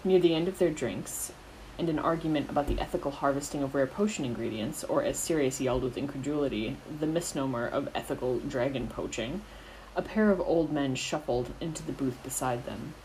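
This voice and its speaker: Storyteller, woman, deep voice, steady reading, faint background hiss. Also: brisk, low-quality recording. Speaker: narrator, audiobook reader. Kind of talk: fan fiction audiobook narration.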